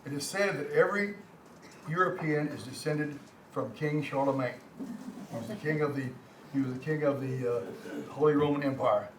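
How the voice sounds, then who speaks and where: Older man, Texan accent, classroom lecture, halting and repetitive, folksy, slightly high voice, distant mic. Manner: halting, repeats words, folksy asides to the class. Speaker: language class teacher. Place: community classroom. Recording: roomy, distant mic, faint hum.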